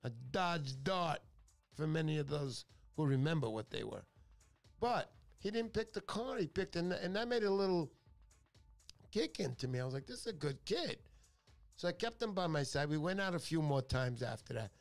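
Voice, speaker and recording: A man's voice: a little high, sing-song, normal speed, faint music behind. A man hosting a talk show, telling stories in a chatty, joking way that drifts off topic. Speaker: radio show host. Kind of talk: casual talk-show storytelling.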